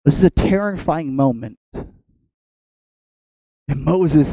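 Male pastor, animated storyteller, mellow tone, dry close sound. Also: fairly high pitch, takes it slowly, long pauses, dry recording, rough recording. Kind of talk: sermon.

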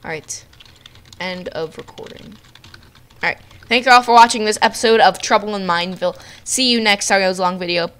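A woman giving playful, jokey live commentary on her own gameplay, with quick outbursts at the game. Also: medium pitch, a bit bright, clear, resonant tone. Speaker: gamer narrating her own video.

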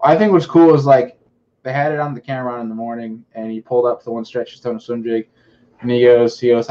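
Excitable man, slightly dull recording. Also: medium pitch, fast. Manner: excitable, retells stories with quoted lines. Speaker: podcast co-host. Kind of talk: casual fishing chat.

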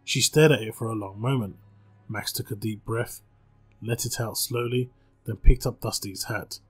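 A man reading a spooky short story aloud with calm, measured narration, as channel host. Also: lowish voice, slightly rough, soft background music.

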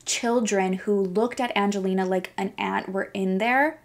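A young woman casually narrating a true crime case, chatty and animated, with sarcastic asides. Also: medium pitch, measured pace.

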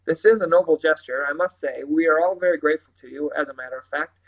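Brief: man reading hearty father figure, jovial public face, a touch high. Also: quick pace, close to an everyday voice, low-quality recording. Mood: cheerful. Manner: beaming, jovial public manner. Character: hearty, cheerful father of three.

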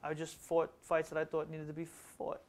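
A middle-aged author and educator from Long Island, New York, appears as a guest in a casual interview, telling stories fast and with animation. His voice is a little high.

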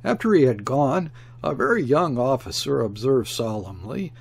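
A man reading a classic novel aloud as an audiobook narrator, expressive, and shifting his tone for the characters' quoted lines. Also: mid-range voice, moderate pace, creaky, slightly rough. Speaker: audiobook reader. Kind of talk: scripted narration.

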